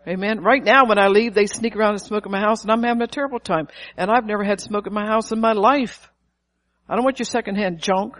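A woman's voice: medium pitch, fast talker, fairly bright tone. A middle-aged woman preaching a sermon, emphatic and calling out to her listeners. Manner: emphatic, calls to the audience.

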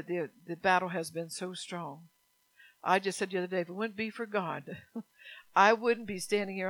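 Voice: medium pitch, fairly bright tone, dry recording, low-quality recording. A preacher delivering a fervent sermon, repeating exhortations and asking the congregation rhetorical questions.

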